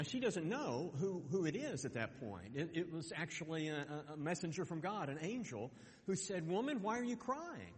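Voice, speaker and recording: Male pastor mid-sermon, earnest, a little high-pitched, stumbling repeats, reverberant sanctuary. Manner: earnest, with frequent repeated words and restarts.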